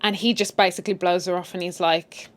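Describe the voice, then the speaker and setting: A woman's voice: fairly low pitch, fairly even intonation, fairly quick. A woman casually recapping a TV series, with sassy, opinionated asides. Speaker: recap host. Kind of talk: casual story recap with commentary.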